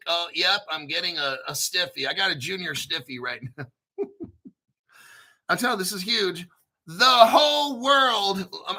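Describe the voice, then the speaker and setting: A man's voice: sits high, bright, forceful tone. A male host giving casual livestream commentary in a brash, profane, joking hype manner. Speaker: crypto show host.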